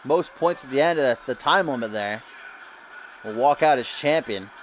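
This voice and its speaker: A man's voice: medium pitch, expressive, moderate pace, slight background noise. A man streaming a game, giving hyped-up, loose wrestling-show commentary full of casual asides. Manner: upbeat hype, loose and casual with frequent "uh".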